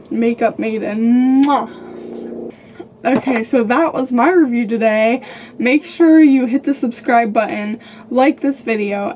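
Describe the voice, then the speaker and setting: A woman's voice: fairly high pitch, darkish tone. A woman giving a casual, upbeat makeup product review, gushing and repeating "definitely" and "really".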